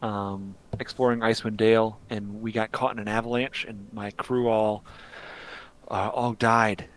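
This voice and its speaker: A man's voice: fairly low pitch, close to an everyday voice. A man voicing a weary gnome who poses as a goblin chief, hesitant and full of fillers. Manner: hesitant, rambling with many fillers.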